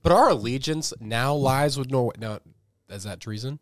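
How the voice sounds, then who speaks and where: A man co-hosting a casual comedy podcast, bantering quickly and joking. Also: medium pitch, no echo, studio quality. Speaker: podcast co-host.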